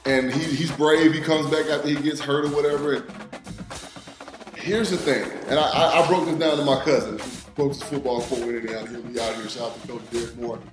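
A man co-hosting a casual sports talk show, animated and profane, often adding "you know what I'm saying". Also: medium pitch, a little fast, roomy sound, over music. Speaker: podcast co-host.

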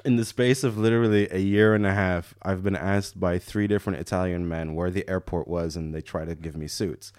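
A man's voice: sits low, steady tone, a little fast, few pauses, a little mellow, clear, resonant tone, no echo, studio quality. A young man from Canada casually telling a story on a podcast, laughing as he acts out the other people's lines.

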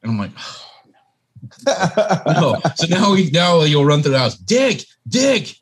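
Slow-talking husky man telling a funny story. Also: fairly high pitch, expressive. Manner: slow, laughing anecdote telling. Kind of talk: casual podcast chat.

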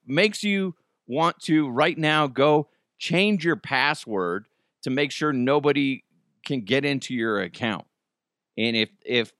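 A man's voice: mid-range voice, a bit bright, no echo, clean studio sound. A man hosting a casual comedic news podcast, joking, laughing often and slipping into goofy voices. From United States. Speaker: podcast host.

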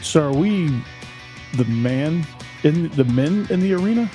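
Emphatic, slightly high-voiced man. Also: animated, measured pace, dark tone, soft background music. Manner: emphatic, blunt opinions. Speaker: podcast co-host. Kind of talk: casual sports podcast chat.

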